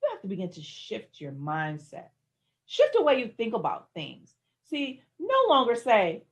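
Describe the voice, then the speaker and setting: A woman with a slightly high voice delivers a motivational talk. She leans on repetition and builds emphasis, dropping soft and then rising loud. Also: huge pitch swings, unhurried. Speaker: motivational speaker.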